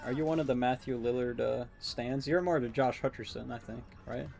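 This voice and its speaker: A man's voice: mid-range voice, gravelly, a little mellow. Teasing man casting a game. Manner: joking, teasing, quick asides. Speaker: caster and player. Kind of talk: casual game commentary.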